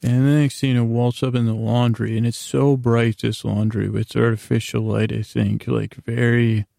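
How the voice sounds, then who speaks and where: Gravelly dude rambling thru a show recap, slow and flat, keeps fixing his own words. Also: medium pitch, no echo, studio quality. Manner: meandering, self-correcting, reads his notes aloud. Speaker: podcast host recapping a show.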